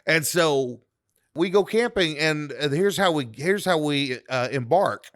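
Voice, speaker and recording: An easygoing man co-hosting a podcast. His voice sits a little high and is recorded dry and close. He tells a camping story in a relaxed, chatty way. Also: measured pace, dry recording. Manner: easygoing, laughs hard. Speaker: podcast co-host. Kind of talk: casual storytelling chat.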